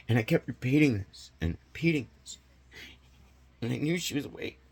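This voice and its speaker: A man tells a painful story from his own life in a gravelly, husky voice. His retelling is raw and agitated, and he stops and restarts as he goes. Nervous laughs break into his sentences. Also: medium pitch, expressive, a little fast, pauses often. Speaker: vlogger. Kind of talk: personal confession storytelling.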